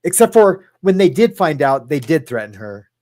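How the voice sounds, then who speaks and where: A man's voice: fairly high pitch, big pitch swings, normal speed, warm tone. A man hosting a casual talk show, rambling and hesitant, with lots of fillers and restarts and some casual swearing. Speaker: podcast host. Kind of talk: casual chat.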